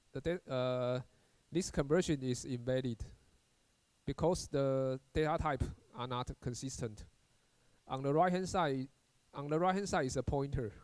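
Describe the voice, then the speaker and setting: In a recorded university programming lecture, a man with a mid-range, darkish voice explains haltingly, often repeating words and restarting with "uh." The recording is dry.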